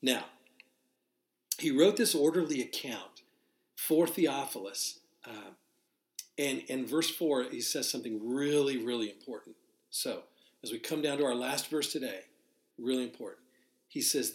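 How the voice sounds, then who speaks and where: A man's voice: mid-range voice, a little slow, pauses often, reverberant. A man teaching verse by verse from the Bible as a pastor, in a conversational, unscripted way, often restarting his sentences. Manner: conversational, restarts and fillers, spells out Greek words. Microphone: live broadcast to listeners.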